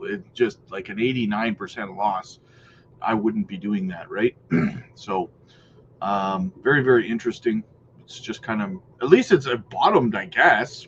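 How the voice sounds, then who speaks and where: A man's voice: medium pitch, lo-fi sound, slight background noise. Chatty man hosting a crypto channel. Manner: chatty, hedging, many fillers and throat clearing. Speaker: crypto news host. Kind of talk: casual market commentary.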